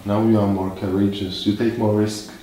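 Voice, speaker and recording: Soft-spoken low man interviewing. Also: flat delivery, moderate pace. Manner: soft-spoken, with frequent listening murmurs. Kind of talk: interview questions. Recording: roomy, distant mic, faint background noise.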